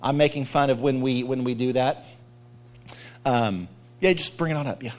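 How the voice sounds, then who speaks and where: A man's voice: mid-range voice, normal speed. A man preaching a sermon as pastor, casual and rambling, with a self-deprecating humor and now and then mock voices.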